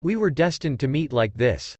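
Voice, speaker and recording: A man's voice: mid-range voice, expressive, moderate pace, darkish tone, dry recording, lightly acted. A man voicing an angry ancient male stone statue who speaks solemnly.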